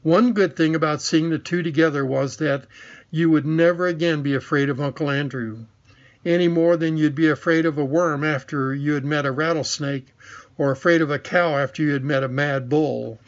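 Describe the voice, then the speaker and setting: Male audiobook narrator with a slightly high voice and measured storytelling, on a lo-fi recording. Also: fairly even intonation. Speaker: audiobook reader. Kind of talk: scripted narration.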